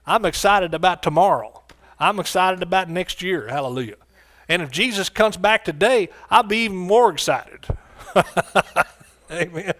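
Emphatic male preacher from the US, slightly high voice, repeats lines, calls to the crowd. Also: animated, measured pace, a bit bright. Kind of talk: sermon.

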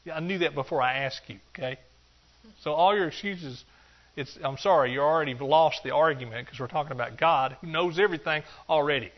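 A man preaching a sermon, animated and joking, acting out excuses in a higher voice. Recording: dull lo-fi sound.

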